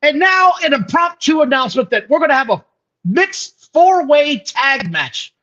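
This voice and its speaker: Male co-host, high and animated voice, dismissive recaps, muffled lo-fi recording. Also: normal speed. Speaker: podcast co-host. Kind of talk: casual wrestling podcast chat. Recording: dull lo-fi audio.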